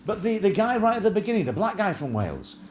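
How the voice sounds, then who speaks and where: A man's voice: high voice, big pitch swings, fast talker, a little mellow, a little hiss or hum. A man hosting a casual livestream chat show, rambling and joking with plenty of fillers and restarts.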